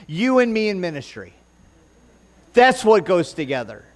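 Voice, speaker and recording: A man's voice: high-pitched, very animated, a little slow. A man preaching a sermon in church, joking and bantering with the congregation and stumbling over his notes. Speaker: pastor.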